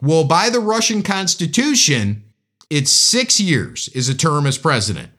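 A man's voice: a little high, very animated, a little slow, sharp tone. A man giving a casual, joking, opinionated monologue as a commentator.

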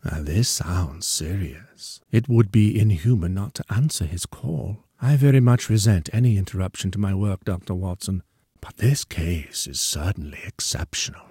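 A man voicing a self-satisfied scientist who speaks slowly and deliberately with a pleasant, quietly menacing manner. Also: low voice, slightly rough, no echo, studio quality, exaggerated voice. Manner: slow, deliberate, pleasant on the surface.

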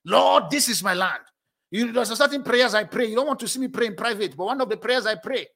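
High husky-voiced male preacher. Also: fairly quick. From moved to South Africa as an adult. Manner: animated preaching, often laughing mid-sentence. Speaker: pastor. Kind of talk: sermon.

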